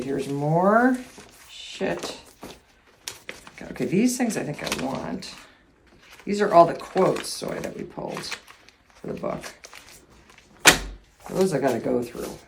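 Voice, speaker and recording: Woman, casual vlog, chatty, thinking aloud, gravelly voice, noisy recording. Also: sits low. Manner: chatty, thinking aloud as she leafs through pages. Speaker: author and host. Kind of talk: casual vlog while sorting papers.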